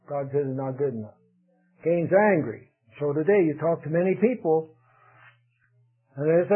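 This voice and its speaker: A man preaching a sermon, earnest and unhurried, pausing often with fillers. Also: fairly high pitch, expressive. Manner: slow, earnest preaching with many pauses and "uh" fillers. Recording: tinny phone-like radio broadcast.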